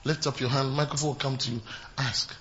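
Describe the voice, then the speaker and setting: A man preaching a sermon as pastor, swinging from shouted exclamations to low, quiet asides. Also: fairly even intonation, a little fast, highs cut off, slight background noise.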